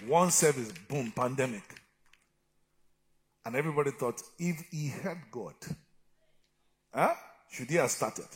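A middle-aged man preaching a sermon as pastor, swinging from loud shouted exhortation to low, quiet talk and calling for amens from the congregation. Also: unhurried, pauses often, slight background noise. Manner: calls for amens and answers from the congregation.

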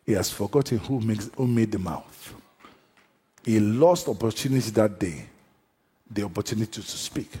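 A man preaching a sermon at a church service. His delivery swings between shouted calls and low, drawn-out phrases. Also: husky. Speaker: pastor. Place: church service with a seated congregation. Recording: long echo of a large hall.

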